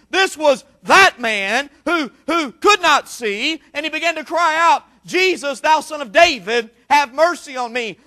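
A man, a missionary preacher, delivering an impassioned sermon with repetitive cadences that build to shouted peaks. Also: extremely high pitch.

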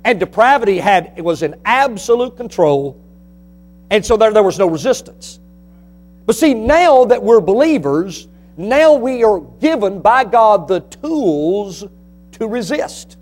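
A man's voice: high voice, darkish tone. A male pastor preaching a sermon in a church, building to emphatic bursts and asking rhetorical questions.

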